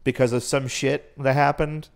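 A man's voice: medium pitch, flat delivery, normal speed, vocal fry, clear, resonant tone. A young man co-hosting a podcast, retelling a game's story in a rambling, profane, casual way. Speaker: podcast co-host. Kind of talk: casual chat.

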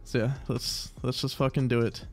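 A man's voice: medium pitch, little pitch movement, moderate pace, faint music behind. A man giving casual commentary while opening online game cases, pleading and swearing in exasperation. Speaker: case-opening YouTuber.

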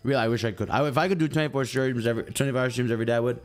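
A man's voice: mid-range voice, rapid-fire. Young man, game streamer, casual rambling chatter, mid-range voice, faint music behind. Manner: rambling, chatty, addresses chat directly. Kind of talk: casual live-stream chat.

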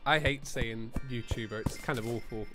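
A man's voice: medium pitch, sing-song, measured pace, faint music behind. Laughing British man chatting on stream. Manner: laughs often, acts out others in quoted asides. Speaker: gaming streamer host. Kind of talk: casual chat on a live stream.

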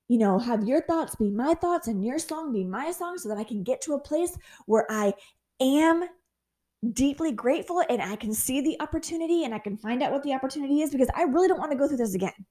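A fairly high-pitched woman hosts a faith-based motivational podcast. She speaks in an earnest, encouraging way and acts out prayers and inner dialogue in lively voices. She is candid and self-mocking, often laughing at herself. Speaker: podcast host.

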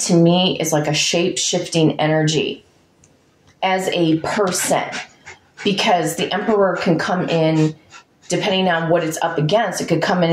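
A woman giving a chatty tarot reading to her viewers, musing aloud over each card. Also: lowish voice. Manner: chatty, talks to her dog between cards. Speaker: tarot reader. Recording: echoey room.

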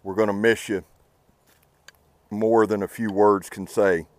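A man's voice: lowish voice, level tone, a little slow, darkish tone, slight background noise. A man hosting an outdoor channel, talking earnestly and casually to the camera beside a campfire. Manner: earnest, heartfelt, laid-back. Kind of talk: casual talk to camera by a fire.

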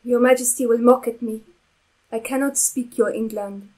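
An actress playing a shy young princess who speaks halting, broken English. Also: female voice, on the high side, steady tone, a little mellow, natural voice, low-quality recording. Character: French princess Catherine, young, shy and coy. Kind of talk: stage acting, short film.

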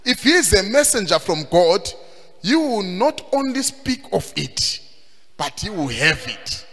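A man preaching a sermon, emphatic and sing-song, rising at times to shouts. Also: high voice, very animated, a little slow, soft background music. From Zimbabwe. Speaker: pastor. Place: church hall. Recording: long hall reverb.

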